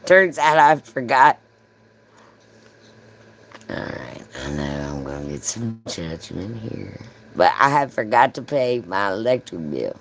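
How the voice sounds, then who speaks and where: A woman's voice: very deep voice, sing-song, takes it slowly, long pauses, rough recording. A woman chatting on a livestream, telling a story in a chatty, profane way and laughing often.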